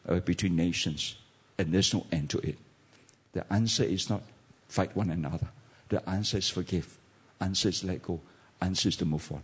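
A pastor with a Malaysian English accent preaches a sermon in a lowish, slightly rough voice. He addresses the congregation and poses many rhetorical questions.

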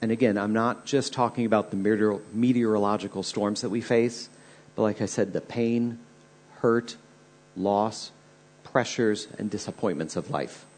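A man's voice: lowish voice, normal speed, darkish tone. A man preaching a sermon and retelling Bible stories with earnest, dramatic storytelling. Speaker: pastor.

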